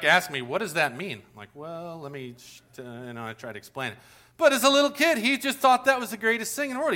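A man in his forties preaching a casual, story-driven sermon as pastor, acting out the voices in his anecdotes with big swings in pitch. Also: pushed and bright. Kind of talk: conversational sermon.

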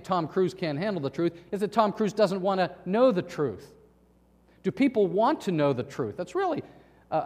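A male pastor preaching a sermon, emphatic, with dramatic pauses and acted-out quotations. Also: fairly high pitch, big-room sound.

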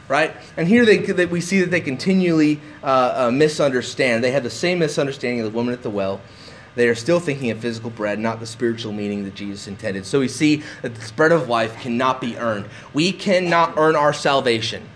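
A man's voice: medium pitch, brisk, slight background noise. A man preaching a sermon, emphatic and repeating words for stress. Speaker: pastor.

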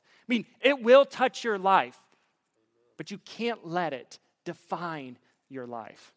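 A young man preaching a conversational sermon, stumbling over repeated words and building up to forceful emphasis. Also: high voice, animated, slow.

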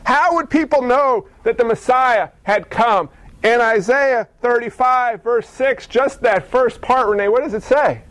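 A man preaching a sermon in a lively, animated way, acting out the people in the story he tells. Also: extremely high pitch, unhurried, no echo, poor audio. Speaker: pastor.

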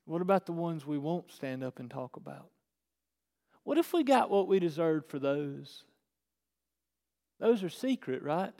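A male pastor preaching a sermon, swinging between hushed and shouted passages. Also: a little high, big pitch swings, unhurried, vocal fry, pauses often. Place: church sanctuary. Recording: echoey church hall.

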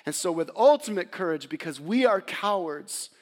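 Man, pastor, sermon, fairly high pitch, dramatic delivery, quiet whispered moments. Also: lively intonation, normal speed. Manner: dramatic, acts out the voices of biblical figures; drops to a near whisper at tender moments.

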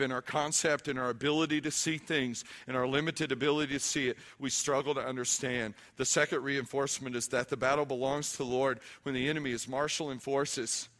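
A middle-aged man preaching a sermon, animated and emphatic, mixing humor with scripture. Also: mid-range voice. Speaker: pastor.

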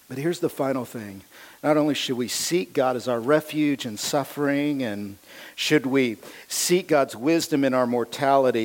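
A man delivering a sermon from the pulpit. His voice sits a little high for a man. He preaches with animated earnestness and drops into playful self-teasing asides. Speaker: pastor.

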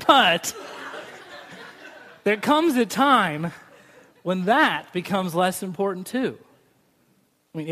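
A man's voice: sits high, pushed and bright, a little hiss or hum. A man preaching a sermon in a chatty, humorous way, joking with his listeners. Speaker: pastor. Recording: long hall reverb from a large room.

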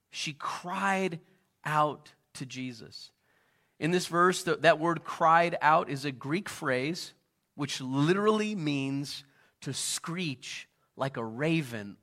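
A man's voice: fairly high pitch, bright, forceful tone. A middle-aged man preaching a sermon in a conversational way, often asking the audience questions as he explains a Bible passage. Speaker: pastor.

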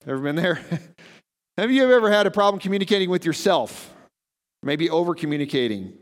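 In a church sanctuary, a pastor preaches a sermon to his congregation in a conversational style, often posing questions to them. His fairly high voice is animated and brisk, and the hall sounds reverberant.

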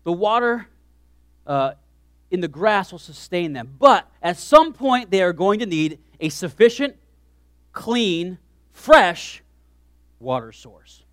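A man preaching a sermon as pastor, animated, swinging from hushed asides to shouted lines. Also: high voice, slow pace, pauses often, no room sound, studio quality.

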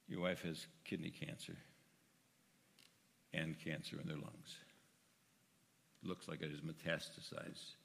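An older man giving a personal testimony to his congregation, telling the story earnestly and moving between quiet and loud, emphatic passages. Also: low-pitched, creaky, long reverb tail. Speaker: church member speaking to his congregation. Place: church sanctuary.

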